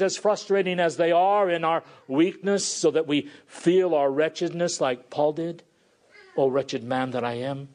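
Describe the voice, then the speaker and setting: A middle-aged pastor preaching a sermon in an earnest, pleading way. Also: male voice, on the high side, a little mellow. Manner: earnest, pleading, voices prayers and God's replies.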